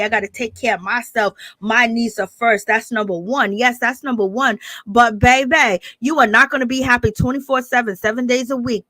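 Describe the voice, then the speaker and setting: A chatty, opinionated woman hosts a celebrity gossip stream, her voice sitting a little high. She greets chat viewers by name and calls them baby and girl. The sound is dry and close, with no room around it. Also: pushed and bright, dry recording. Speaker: host of a celebrity gossip livestream. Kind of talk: casual gossip commentary, reading live chat.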